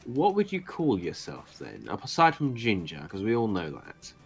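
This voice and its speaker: A man's voice: lowish voice, wildly swooping pitch, normal speed, vocal fry, slightly rough, soft background music. A man with an English accent co-hosting a game stream, rambling and joking in casual banter.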